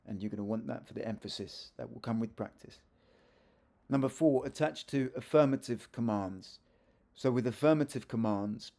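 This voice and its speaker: Gravelly, mellow male language teacher. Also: fairly low pitch. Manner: chatty, self-correcting teacher with asides. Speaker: Spanish teacher. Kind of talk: video lesson explaining grammar.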